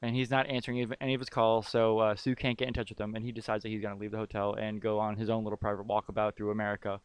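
Smooth-voiced man recapping a movie casually. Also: on the low side, little pitch movement, rapid-fire, no echo. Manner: rambling, jokey, recaps scenes with lots of fillers. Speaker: podcast co-host.

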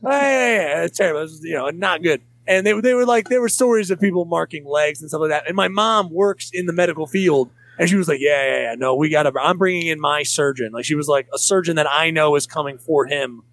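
A man's voice: fairly high pitch, fairly quick, few pauses, a bit bright. A young man rambling through a crude story in casual podcast banter, full of fillers and restarts.

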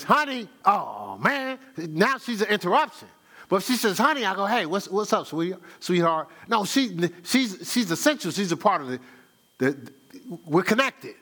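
In a bright, forceful tone, a man serving as pastor gives a sermon that feels folksy and conversational. High notes mark his emphasis, low ones carry his asides, and chuckles and repeated words pepper his speech.

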